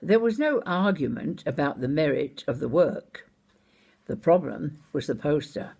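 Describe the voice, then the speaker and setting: An older Scottish woman telling a personal anecdote in an unhurried, wry and expressive way. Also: low voice, creaky, slightly rough. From Scotland. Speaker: storyteller.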